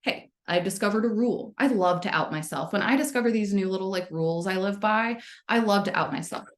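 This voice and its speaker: A woman's voice: mid-range voice, brisk. A young adult woman leading a spiritual gathering, telling a personal story in a candid, casual way with frequent swearing and check-ins with her listeners. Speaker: spiritual community leader. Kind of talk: casual spoken sermon.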